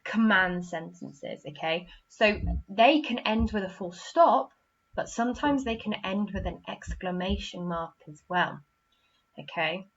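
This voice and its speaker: A woman with a medium-pitched voice and lively intonation teaches a primary school literacy lesson at a measured pace, heard on a muffled recording. She's patient, says "okay?" after each point, and acts out example sentences expressively.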